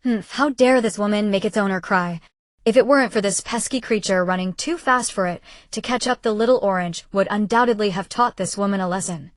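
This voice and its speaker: A woman's voice: medium pitch, brisk, no echo, clean studio sound, natural voice. A woman voicing an indignant, protective chubby orange house cat in an audiobook, with a haughty, grumbling manner.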